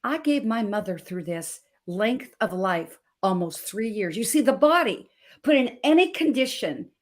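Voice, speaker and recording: A woman's voice: medium pitch, big pitch swings, unhurried. A middle-aged woman from Montana, a health coach and guest, telling her story emphatically and with feeling. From Montana, USA. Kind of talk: personal testimony on a talk show.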